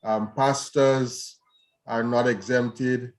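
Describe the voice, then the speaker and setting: A man, a pastor hosting a radio talk show, speaking in a measured, hesitant way with many fillers. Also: medium pitch, fairly even intonation.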